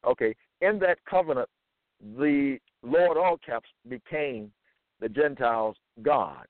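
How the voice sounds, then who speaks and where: A man giving a deliberate scripture lecture and quoting verses with stress. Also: medium pitch, lively intonation, no echo. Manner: slow, deliberate, quotes verses with emphasis. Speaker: religious teacher. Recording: tinny phone-like sound.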